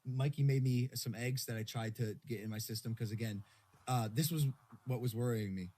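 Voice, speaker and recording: A young man hosting a casual podcast, telling a story in an animated way and swearing freely. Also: mid-range voice, fairly quick. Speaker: podcast host. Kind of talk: casual chat. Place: hotel room.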